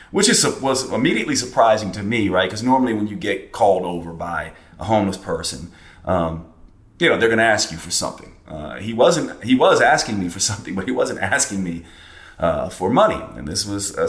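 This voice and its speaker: A man with a very low voice hosts a podcast, recounting a personal story in a relaxed, reflective monologue. He wanders through fillers and restarts as he thinks aloud. The recording has a noticeable room echo. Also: fairly quick. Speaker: podcast host.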